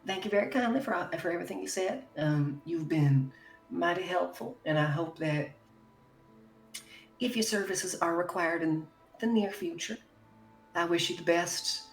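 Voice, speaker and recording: A woman's voice: fairly low pitch, normal speed, soft background music, pitched above the performer's own voice, natural voice. A woman voicing a polite, folksy adventurer in a tabletop game, with country-style phrasing. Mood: grateful. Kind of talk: in-character tabletop role-play.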